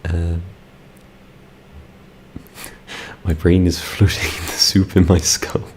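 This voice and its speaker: A man's voice: low-pitched, level tone, takes it slowly, darkish tone, slight background noise. A young British man chatting casually with his live-stream audience, laid-back and giggly, rambling with fillers. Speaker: ASMR streamer.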